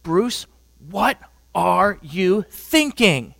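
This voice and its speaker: A woman's voice: mid-range voice, big pitch swings, extremely slow, creaky, dry recording, studio quality, pitched above the performer's own voice, heavily acted. A man voicing a small, fiery young wife who pounds her husband's chest and demands to know what he is feeling. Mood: pleading. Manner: insistent, pounding.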